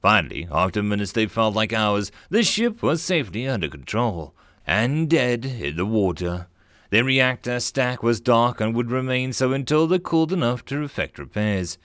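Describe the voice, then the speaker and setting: A man narrating a science fiction story in an expressive storytelling manner. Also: mid-range voice, normal speed, dry recording, studio quality.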